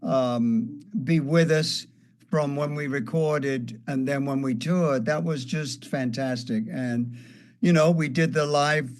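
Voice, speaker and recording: A man's voice: medium pitch, takes it slowly, darkish tone. An older man, a guest guitarist, fondly reminiscing in a casual chat with light jokes.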